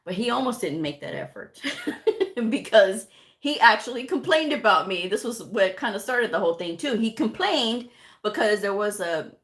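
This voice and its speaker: A middle-aged woman, a medical coding educator, telling a work story in a chatty, animated live-stream way, with lots of "you know.". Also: mid-range voice, moderate pace.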